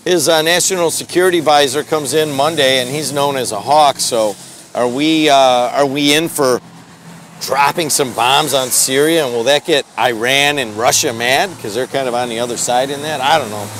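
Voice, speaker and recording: A man's voice: mid-range voice, normal speed, a bit bright, slight background noise. A middle-aged man hosting a morning radio show, talking in a rambling, folksy, jokey way outdoors. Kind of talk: casual talk radio monologue. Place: outdoors in the snow.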